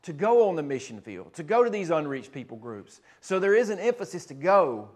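Pastor, male, slightly higher voice, earnest teaching sermon with repeated phrases. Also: very animated, brisk, darkish tone.

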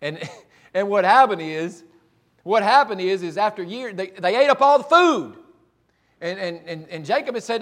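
A man preaching with a notably high voice. He tells the scripture story in a folksy, chatty manner, often restarting his sentences as he goes. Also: animated, normal speed, a bit bright. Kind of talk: sermon, retelling scripture.

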